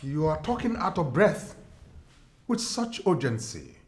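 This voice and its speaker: An actor playing a pompous professor who strings together long words in a sitcom. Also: male voice, a little high, sing-song, unhurried, slight background noise.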